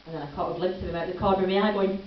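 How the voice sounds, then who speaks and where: A woman's voice: mid-range voice, steady tone, very fast, a little hiss or hum. A woman performing a chatty stand-up comedy routine, teasing the audience as she goes. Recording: lo-fi camcorder from a distance in an echoey hall.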